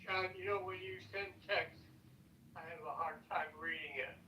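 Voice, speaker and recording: A man in a chat room, soft-spoken and giving brief replies. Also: a little high, fairly even intonation, normal speed, roomy sound, distant mic, rough recording.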